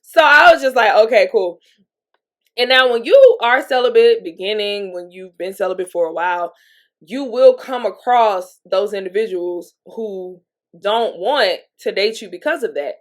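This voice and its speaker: A woman vlogger with a Southern US accent tells a personal story in a candid, chatty monologue, her mid-range voice moving at normal speed. She laughs between lines and sniffles from allergies.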